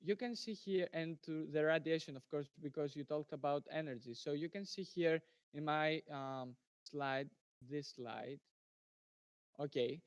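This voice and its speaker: A teenage boy from Greece, a presenting student in a science tournament, gives earnest, formal answers during a student science debate over a video call and tends to repeat phrases. His male voice is fairly high and unhurried, with a clean tone, no room sound, and lo-fi audio quality.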